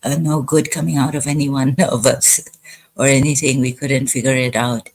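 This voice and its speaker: A woman talking in a rambling livestream monologue, hesitant and halting, pausing often. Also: rumbling low, fairly even intonation. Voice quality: husky. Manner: halting, hesitant, full of pauses. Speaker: live streamer.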